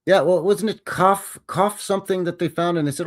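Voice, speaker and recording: A man's voice: high-pitched, normal speed, few pauses. A man hosting a live show, chatting casually and greeting viewers by name. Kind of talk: casual livestream chat.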